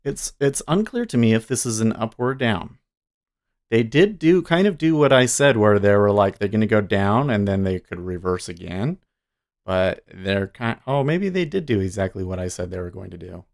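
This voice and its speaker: A man's voice: on the low side, animated, normal speed, vocal fry. A man hosting a casual livestream. He is chatty, laughs often and trails off mid-thought. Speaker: streamer and day trader.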